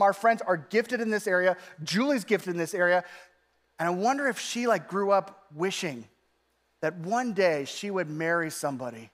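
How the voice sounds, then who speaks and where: High-voiced pastor preaching in an echoey church. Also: male voice. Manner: conversational, animated, frequent "like" fillers. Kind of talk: sermon.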